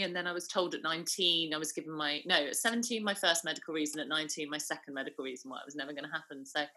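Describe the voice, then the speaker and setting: Bright-voiced woman in casual chat. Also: low-pitched. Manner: chatty, restarts sentences, giggly. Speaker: podcast co-host.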